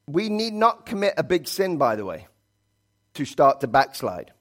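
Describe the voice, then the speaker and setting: A man preaching a conversational sermon as pastor in church, swinging between loud emphasis and quiet asides. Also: fairly high pitch, big pitch swings, normal speed. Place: church sanctuary.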